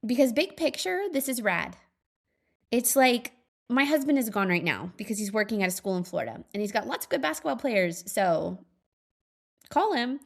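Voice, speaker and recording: A woman's voice: fairly high pitch, sing-song, normal speed, gravelly. A woman in her thirties hosting a podcast alone, talking in a chatty, earnest way with many fillers and frequent small laughs. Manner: reflective, earnest. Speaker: podcast host. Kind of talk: casual solo monologue.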